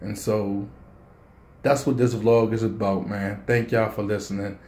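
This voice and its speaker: A man's voice: lowish voice, flat delivery, measured pace, darkish tone. Earnest man telling a story, echoey room. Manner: earnest, casual and conversational. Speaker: vlogger. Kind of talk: personal storytelling vlog.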